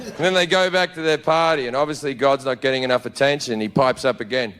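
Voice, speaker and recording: A man's voice: medium pitch, steady tone, fast, a bit bright, clean tone. A man doing a blunt, profane stand-up comedy routine in a loose, conversational storytelling manner. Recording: noisy live stand-up recording.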